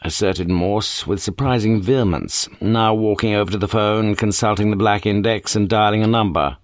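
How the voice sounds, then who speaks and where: A man narrating a detective novel audiobook with a measured, expressive reading. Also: fairly low pitch, no echo, studio quality. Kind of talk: scripted narration.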